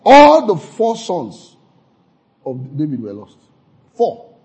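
A man preaching a sermon as a pastor. He swings suddenly between loud and soft, acts out quoted gossip and repeats lines for emphasis. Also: on the high side, wildly swooping pitch, slow pace, slightly rough. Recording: dull lo-fi recording.

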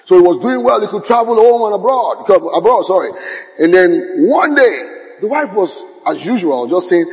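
A man's voice: sits high, lively intonation, moderate pace, darkish tone. A man preaching a sermon as pastor, shifting into dramatic quoted voices and laughing as he goes. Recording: long hall reverb.

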